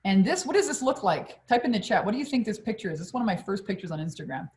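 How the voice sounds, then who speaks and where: A middle-aged woman coach on a live stream, telling a personal story in an animated, blunt way and swearing freely. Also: mid-range voice, very fast, a little hiss or hum. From Quebec, Canada.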